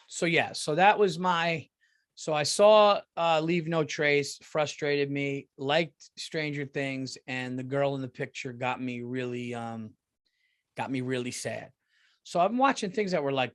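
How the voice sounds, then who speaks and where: A middle-aged man hosting a solo comedy podcast, retelling a movie with profane, animated outrage that drops to mumbling asides. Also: medium pitch, a little slow. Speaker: podcast host.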